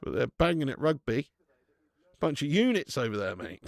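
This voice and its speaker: A young man running a live football watch-along, swearing and chatting with viewers between bursts of excited commentary. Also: mid-range voice, normal speed, creaky, no echo. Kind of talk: live match commentary and casual chat.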